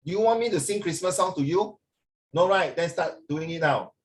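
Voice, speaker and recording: A man's voice: a little high, normal speed. A man teaching an online English class over a video call, joking with the pupils and mixing English with Chinese. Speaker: English tutor.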